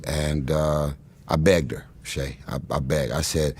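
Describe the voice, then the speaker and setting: A very deep-voiced man in his forties, a guest in a casual interview, telling a long rambling story. He pauses on fillers, restarts his phrases and laughs often. His voice sounds close and dry, with little room sound. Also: fairly even intonation, dry recording. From Los Angeles, United States. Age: 40s.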